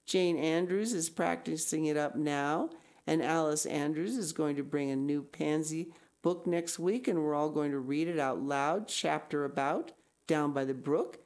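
A woman voicing an excitable young schoolgirl who pleads with her friend in a high, tearful, gushing way. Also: measured pace. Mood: wistful coaxing.

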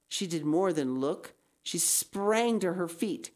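A woman's voice: on the low side, expressive, takes it slowly, hardly any pauses, darkish tone. A woman reading a classic novel aloud, now and then breaking off into casual asides. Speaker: reader.

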